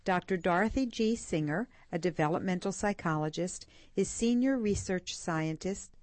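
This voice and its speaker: A woman co-hosting a talk show, reading a guest introduction in a measured, formal manner. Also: lowish voice, a little mellow, no room sound. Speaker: radio show co-host. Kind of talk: scripted introduction.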